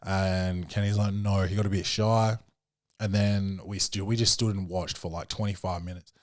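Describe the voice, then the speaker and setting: A young man with a lowish voice chats loosely and profanely on his own podcast, full of fillers and restarts. He acts out other people's lines with sudden high jumps. The sound is dry and close, with no room around it. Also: fairly even intonation, moderate pace, dry recording. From Australia. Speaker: podcast host. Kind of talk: casual solo film review chat.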